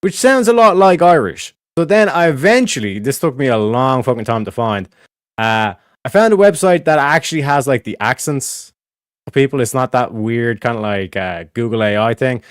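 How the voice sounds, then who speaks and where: A man's voice: mid-range voice, lively intonation, normal speed, no echo, studio quality. A man streaming, explaining in casual, rambling talk that is full of swearing and repeated asides. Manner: rambling, profane, repeats "do you know what I mean".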